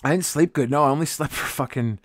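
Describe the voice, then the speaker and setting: Speaking a little high and at a quick pace, a man chats casually with livestream viewers, sounding tired and grumpy. He rambles, swears and jokes about himself; the recording is dry with clean studio sound.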